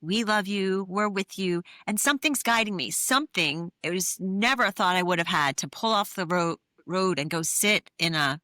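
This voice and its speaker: A woman's voice: on the low side, lively intonation, moderate pace, few pauses, pushed and bright, dry recording, studio quality. A middle-aged woman, an interview guest, telling a personal story in an earnest, candid way with many fillers. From New England. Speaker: interview guest, therapist and author.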